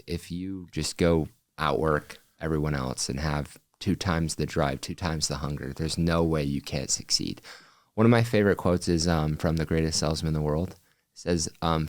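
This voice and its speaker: A man's voice: very deep voice, no room sound, clean studio sound. A young man hosting a podcast, reacting with enthusiasm and using "like" often in casual chat. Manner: enthusiastic, quick reactions, filler "like". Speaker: podcast host.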